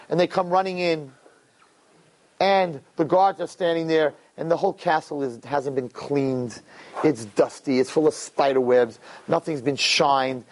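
A man telling a parable in a sermon, animated and building to impassioned peaks. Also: a little high. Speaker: religious teacher. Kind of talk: sermon storytelling.

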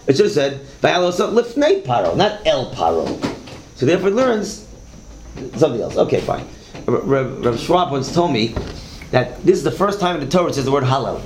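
A man's voice: medium pitch, big pitch swings, fairly quick. A man teaching a Torah class, telling stories in a conversational way and asking the class questions. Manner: conversational, repeats words, asks the class questions. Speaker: religious teacher. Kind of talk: Torah class lecture with storytelling. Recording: echoey room, faint background hiss.

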